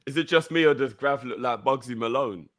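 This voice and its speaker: A man's voice: medium pitch, a little fast, a bit bright. A man co-hosting a casual live stream, reading out chat comments with teasing banter.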